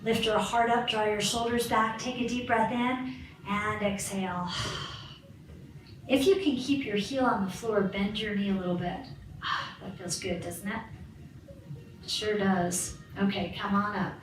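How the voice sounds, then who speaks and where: A woman's voice: medium pitch, steady tone, a little slow. Upbeat woman leading a balance class. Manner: encouraging, counts reps and cues moves. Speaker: fitness instructor. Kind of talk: guided balance exercise class. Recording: roomy, far from the mic, faint background hiss.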